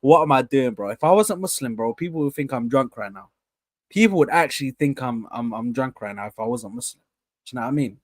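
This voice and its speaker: A young man hosting a casual live stream, rambling and repeating himself as he gives shout-outs to viewers. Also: mid-range voice, expressive, quick pace, no echo, clean studio sound.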